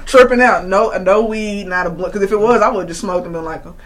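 A woman's voice: medium pitch, slight background noise. A woman co-hosting a casual, profane chat, telling her own story with animation. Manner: animated, profane, quick to laugh.

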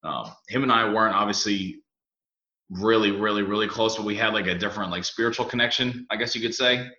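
A young man hosting a podcast, chatting casually and telling animated stories with lots of fillers. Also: fairly low pitch, a little fast. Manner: animated storyteller, mimics voices, many fillers. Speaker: podcast host. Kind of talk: casual chat. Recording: echoey room, dull lo-fi sound.

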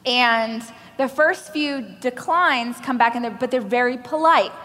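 A woman from Oklahoma giving a keynote speech on a large stage, telling stories with animated, self-deprecating humor. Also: fairly high pitch, a little slow. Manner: animated storytelling, acting out other people's lines. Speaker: motivational speaker. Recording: reverberant hall from a stage.

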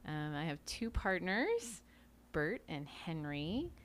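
A woman's voice: lowish voice, very animated, slow, a little hiss or hum. A young adult woman co-hosting a podcast in casual chat, upbeat and playful with self-deprecating humor. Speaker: podcast co-host.

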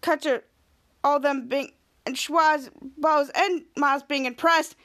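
High-voiced woman rambling through a recap. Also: steady tone, measured pace, pushed and bright. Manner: rambling scene-by-scene narration with restarts. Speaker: podcast host. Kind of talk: casual episode recap.

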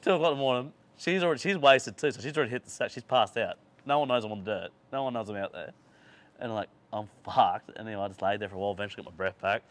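A man with a fairly low voice, hosting a relaxed podcast chat. He spins his stories loosely and swears freely, often laughing along as he talks. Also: very fast. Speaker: podcast host. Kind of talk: casual chat, rambling anecdote.

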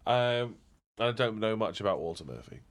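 Lively-voiced man chatting casually. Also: on the low side, moderate pace. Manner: rambling, laughing, acts out anecdotes. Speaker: podcast co-host. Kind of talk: casual chat. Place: home, indoors.

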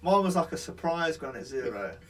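Bloke, slightly high voice, swearing his way through army stories, casual chat. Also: sing-song, brisk. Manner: swearing, rambling, laughing anecdotes. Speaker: ex-soldier telling war stories.

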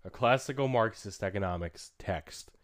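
A man's voice: fairly low pitch, normal speed, dry recording, clean studio sound. A man co-hosting a podcast in casual drunken chat, joking and telling stories. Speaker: podcast co-host.

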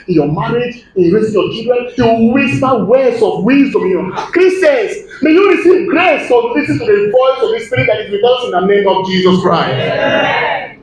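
A man with a high voice preaches with emphatic force, putting questions to his listeners. He is recorded in an echoey church, with a faint hum underneath. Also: darkish tone. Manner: emphatic preaching, calls to the congregation. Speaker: pastor. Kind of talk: sermon.

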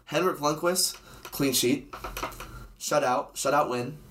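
A man's voice: on the high side, a bit bright, a little hiss or hum. Teasing young man in sports banter. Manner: teasing, rapid-fire, sarcastic. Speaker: podcast co-host.

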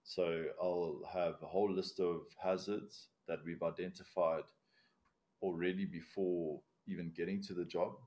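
A very deep-voiced man with a non-native English accent talks through work procedures in a relaxed podcast chat. He lays things out step by step, plainly and bluntly, with casual swearing mixed in. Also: unhurried. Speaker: commercial diver, guest.

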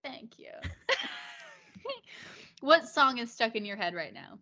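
A woman's voice: a little high, slow, vocal fry, dull audio. A young woman asking casual questions as interviewer, enthusiastic and laughing often. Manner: lively, laughs a lot, enthusiastic. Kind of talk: casual chat.

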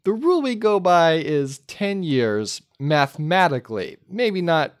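Man, podcast co-host, dry deadpan humor, lively pitch, dry recording. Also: measured pace, clear, resonant tone, no room sound. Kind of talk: casual movie review chat.

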